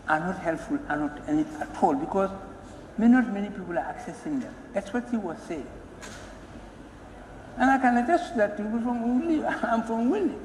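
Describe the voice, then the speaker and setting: High-voiced lawmaker in echoing chamber. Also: male voice, a little mellow. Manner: earnest, emphatic pleading with repeated words. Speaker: member of parliament. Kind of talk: parliamentary floor speech. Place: parliamentary chamber. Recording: echoey chamber with long reverb and faint hum.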